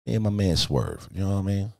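A man's voice: low voice, very animated, fairly quick, creaky, no room sound. A middle-aged man chatting casually on a live stream from his home studio, boastful, joking and profane, rambling loosely from one story to the next. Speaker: streamer and music video director.

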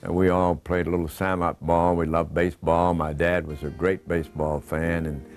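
Older man reminiscing, low gentle voice. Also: flat delivery, soft background music. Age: 80s. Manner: unhurried, folksy, gentle chuckles and fillers. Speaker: retired baseball broadcaster. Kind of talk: reminiscing interview.

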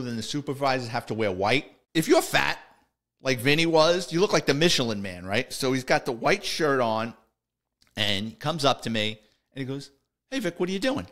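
A man's voice: medium pitch, a bit bright. A middle-aged man, a retired police officer, telling stories in a casual, conversational way, full of "he goes" and "I says". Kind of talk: casual storytelling podcast.

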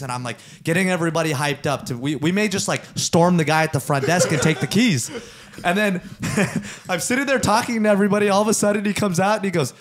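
A young man, a podcast co-host, telling a story in casual chat, animated and laughing as he swears. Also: a little high, fast.

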